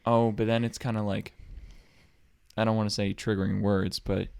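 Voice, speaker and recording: A young man co-hosting a casual podcast, joking around, quick to laugh and asking lots of questions. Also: lowish voice, little pitch movement, gravelly, darkish tone, clean tone. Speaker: podcast co-host. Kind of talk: casual chat.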